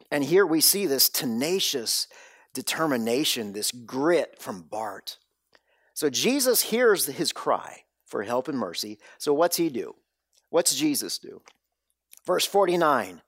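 A man's voice: medium pitch, sing-song, unhurried, a bit bright, dry recording, studio quality. A man preaching a sermon, dropping into whispers and rising sharply for emphasis. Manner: dramatic, drops to whispers and rises for emphasis. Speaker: pastor.

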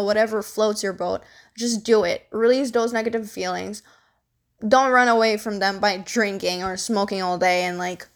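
A young woman talking casually to camera as a vlogger, giving life advice in a frank, blunt way, with frequent swearing and lots of "like" and "you know". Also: mid-range voice.

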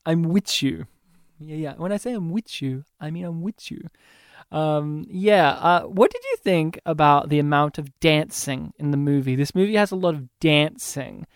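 Guy hosting a movie chat podcast, excited and rambly, high smooth voice. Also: moderate pace, no room sound, studio quality. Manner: enthusiastic, rambling, quotes lines in funny voices. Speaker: podcast host. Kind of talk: casual movie review chat.

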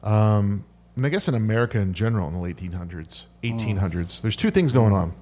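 A man's voice: on the low side, expressive, quick pace, a little mellow, slight background noise. A man hosting a podcast, telling history in a rambling, joking casual chat. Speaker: podcast host.

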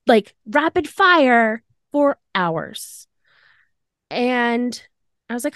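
A woman's voice: a little high, very slow, dry recording, studio quality. A young woman hosting a podcast, casually telling a personal story and acting out the dialogue. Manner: animated, acts out dialogue in quotes. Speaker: podcast host.

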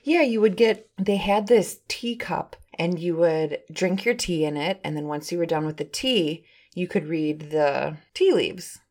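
A woman's voice: on the low side, measured pace, a little mellow. A young woman co-hosting a podcast, chatting casually with lots of fillers as she reminisces. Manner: chatty, nostalgic storyteller with many fillers. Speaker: podcast co-host. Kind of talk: casual chat.

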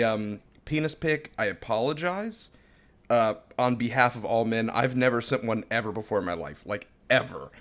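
A man's voice: mid-range voice, fairly bright tone. A young man co-hosting a comedy podcast, rambling through stories and laughing as he talks. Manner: rambling, laughs often mid-sentence. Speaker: podcast co-host. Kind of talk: casual comedic chat.

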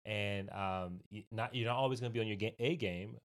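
A man's voice: lowish voice, brisk. A man co-hosting a podcast, giving reflective advice and often checking in with the listener. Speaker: podcast co-host and parent. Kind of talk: casual chat.

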